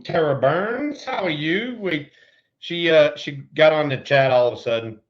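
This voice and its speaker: A middle-aged man co-hosting a podcast, telling stories in a laid-back, drawn-out way and often repeating words. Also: on the high side, animated, highs cut off. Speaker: podcast co-host, former ballplayer. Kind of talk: casual storytelling chat.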